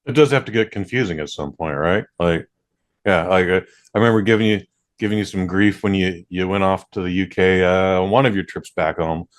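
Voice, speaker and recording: A man hosts a podcast in a slightly low voice. He talks casually and loosely, dropping "like" and "dude" often and swearing freely. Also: a little fast. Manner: laid-back, swears freely, uses lots of "like" and "dude". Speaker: podcast host. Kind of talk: casual chat.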